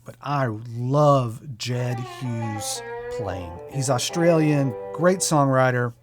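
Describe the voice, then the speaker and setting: A man hosting a music channel, talking casually and enthusiastically about creators he recommends, with quick self-deprecating asides. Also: mid-range voice. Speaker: music YouTuber and host.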